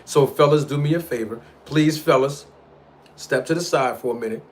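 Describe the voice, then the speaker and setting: A livestream host with a mid-range voice and moderate pace argues his side of a boxing feud in slangy street talk. Animated and combative, he calls out directly to people in his live chat.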